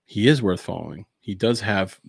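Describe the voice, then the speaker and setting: A man's voice: lowish voice, moderate pace, creaky, breathy edge, no echo, clean studio sound. A man co-hosting a church podcast, talking casually about faith, laughing often and acting out characters in funny voices. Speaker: podcast co-host.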